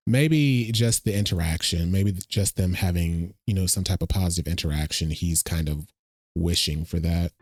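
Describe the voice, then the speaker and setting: A man's voice: deep voice, moderate pace, darkish tone, dry recording, faint music behind. A man casually reacting to a movie trailer, thinking aloud and talking to his viewers. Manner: chatty, thinks aloud, addresses viewers as y'all.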